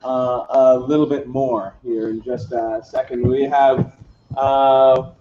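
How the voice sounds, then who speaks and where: A man speaks slowly at medium pitch with little pitch movement. He hosts a casual car walkaround livestream, chatty and rambling with many fillers, and the audio is dull and lo-fi with faint noise.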